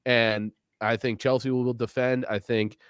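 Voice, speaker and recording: A man with a mid-range voice and a dry, close sound, breaking down a match calmly on a betting show. His takes are measured and analytical. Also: medium pitch, smooth, dry recording. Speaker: sports betting co-host. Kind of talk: casual podcast chat.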